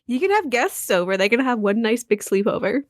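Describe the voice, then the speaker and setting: A woman jokes playfully as a tabletop player. Her voice sits a little high, and the sound is close and dry. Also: big pitch swings, a little fast, no room sound. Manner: playful, joking. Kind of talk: casual tabletop role-play.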